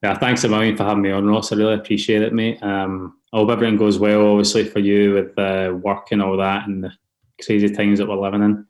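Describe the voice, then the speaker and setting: A Scottish man talking as a podcast guest, his fairly low voice staying even and level. He sounds easygoing and enthusiastic, sprinkling in friendly asides. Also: fast. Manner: easygoing, enthusiastic, says mate often. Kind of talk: casual interview chat.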